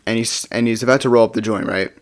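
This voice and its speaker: A man's voice: medium pitch, fairly even intonation, fast talker. A young man telling a casual storytime, rambling and tagging sentences with "right?". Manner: rambling, tags lines with "right?".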